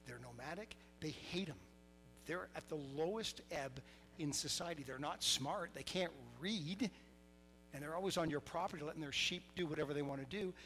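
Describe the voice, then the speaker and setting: Bright-voiced animated male preacher. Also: on the high side, normal speed, slight background noise, rough recording. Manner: animated storytelling, laughing, voicing quotes. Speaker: pastor. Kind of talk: sermon.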